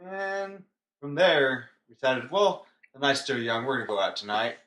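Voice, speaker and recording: Young man, casual podcast chat, self-mocking, rambling, mid-pitched, plain everyday voice. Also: sing-song, normal speed, a bit bright. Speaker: podcast co-host.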